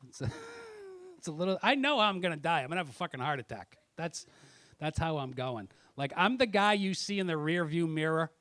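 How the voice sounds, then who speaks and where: A man doing stand-up comedy with crowd work, swearing constantly and swinging from muttered asides to loud angry outbursts. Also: fairly high pitch, very animated, a little fast, no room sound.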